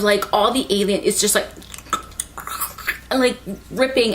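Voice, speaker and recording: A young woman rambling excitedly through an anime recap, full of "like" and swearing. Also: mid-range voice, a little hiss or hum. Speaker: anime reviewer.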